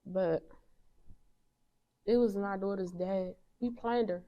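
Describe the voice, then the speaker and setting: A young woman speaking as an interview guest, halting and emotional as she talks about a painful loss. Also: mid-range voice, fairly even intonation, dull audio. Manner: soft-spoken, halting, grieving. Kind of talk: emotional personal conversation.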